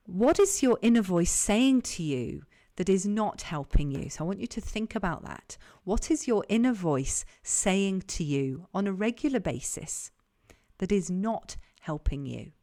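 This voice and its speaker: A woman leadership coach guiding an online group session, calm and encouraging, repeating her key questions. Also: mid-range voice, measured pace. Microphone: online call.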